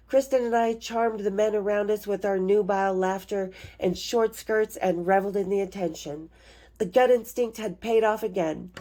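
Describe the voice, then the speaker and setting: A woman's voice: medium pitch, warm tone. A woman in her fifties reading aloud from her own memoir, frank and playful, stopping to chat to her viewers. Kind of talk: memoir reading with chatty asides.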